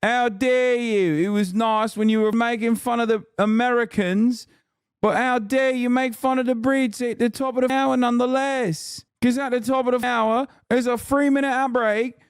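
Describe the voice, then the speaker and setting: Man playing an outraged mock-British bloke, high squeaky pitch, smooth clear tone, huffy and mocking. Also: steady tone, normal speed, no room sound, clean studio sound. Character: indignant mocking British bloke, adult male.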